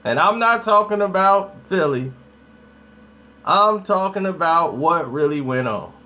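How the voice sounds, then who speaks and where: A man's voice: high-pitched, lively intonation, unhurried, sharp tone. A man hosting a casual live stream, talking straight to his viewers in a slangy, hyped way. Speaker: YouTube host.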